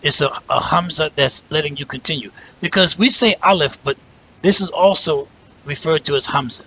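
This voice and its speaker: A man teaches a language lesson in a bright, forceful voice that sits a touch high. He explains step by step, slowing down for example words and often asking "right?". A faint rumble hums behind him. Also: low-quality recording. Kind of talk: patient spoken lesson.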